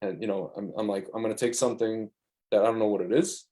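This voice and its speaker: A middle-aged man talking casually on a podcast, telling stories in a rambling, animated way with many restarts. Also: fairly low pitch, fast talker. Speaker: podcast co-host. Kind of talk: casual chat.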